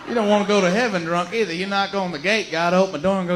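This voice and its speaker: Male stand-up, higher pitch, profane drawl, loud noisy live track. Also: steady tone, rapid-fire, few pauses, over a noisy crowd. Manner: rowdy, profane, drawling delivery. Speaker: stand-up comedian. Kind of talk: stand-up routine.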